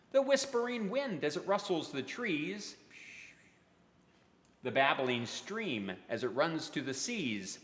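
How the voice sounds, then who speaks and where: A man's voice: medium pitch, big pitch swings, takes it slowly. A man who writes and performs for children, reading poems aloud in a playful, interactive way and making animal sound effects. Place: children's museum event space. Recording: roomy with long hall reverb.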